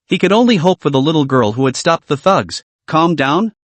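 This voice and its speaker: A man narrating a comic story recap, reading every character's lines in one steady narrating voice. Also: on the high side, fast, dry recording.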